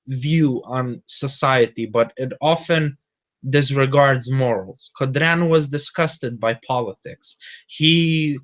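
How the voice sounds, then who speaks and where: A man's voice: mid-range voice, a bit bright. A man from Romania, holding forth in a casual group podcast chat. He lectures with frequent restarts and hesitations.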